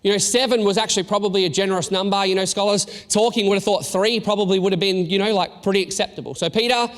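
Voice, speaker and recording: A man in his thirties, a pastor, giving a sermon in a casual storytelling way with halting restarts and self-deprecating asides. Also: high-pitched, steady tone. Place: church hall. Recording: long reverb in a large room.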